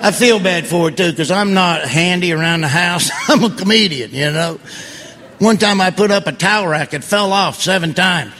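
A man doing a stand-up comedy routine, telling folksy stories in a drawl and now and then breaking into loud yelps. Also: high voice, moderate pace. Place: live comedy stage before an audience. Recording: live show with crowd and background noise.

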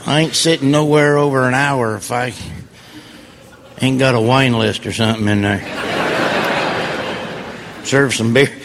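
A man's voice: medium pitch, fairly even intonation, a little slow, long pauses, background noise. A man doing stand-up comedy, with folksy, grumbling, self-mocking delivery. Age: 50s.

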